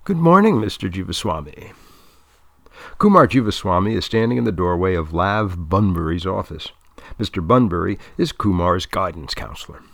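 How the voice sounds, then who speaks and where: A male storyteller with a low, gravelly voice, reading in a measured, deadpan way. The sound is close and dry, with no room echo at all. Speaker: narrator. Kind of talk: storybook narration.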